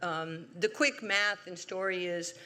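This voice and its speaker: A woman in her sixties with a New York accent, giving an award acceptance speech as a lively, humorous storyteller. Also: fairly low pitch, a little slow, clear, resonant tone. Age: 60s. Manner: lively, humorous storyteller, acts out quoted voices. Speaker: award honoree. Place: large event hall.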